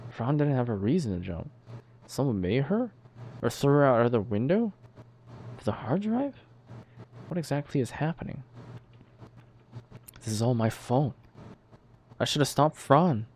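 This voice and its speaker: Man, average pitch, earnest read-aloud of game dialogue; faint background noise. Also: sing-song, a little slow, long pauses, darkish tone. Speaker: gamer voicing a story game.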